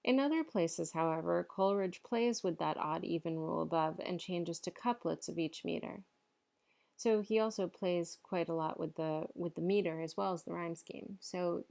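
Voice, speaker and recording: A woman's voice: lowish voice, normal speed, vocal fry, a little mellow. A woman giving a recorded literature lecture, explaining over slides and reading verse aloud in rhythm.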